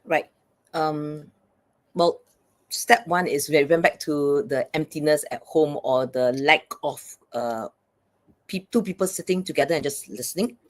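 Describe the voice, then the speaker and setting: A woman's voice: low voice, measured pace. A woman speaking as a psychologist and coach guest in an interview, earnest and explanatory, often checking in with "right?".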